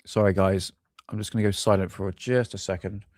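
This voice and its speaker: A man's voice: deep voice, steady tone, a little fast, darkish tone, no room sound, studio quality. A man hosting a UFO live stream, rambling casually and swearing while he hunts for videos. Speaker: UFO channel host.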